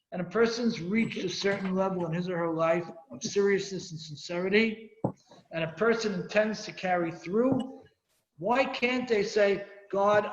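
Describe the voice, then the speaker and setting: A man teaching a Torah class as a rabbi. He reads Hebrew verses, explains them and questions his students. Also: high voice. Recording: echoey room, dull lo-fi sound.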